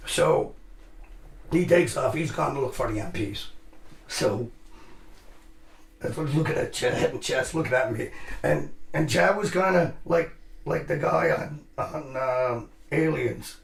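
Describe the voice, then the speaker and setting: A man's voice: on the high side, a little slow, creaky, long pauses, reverberant. A man telling a rambling military story in casual chat, swearing constantly and acting out the voices of the people in it. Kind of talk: casual profane war storytelling. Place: live show room.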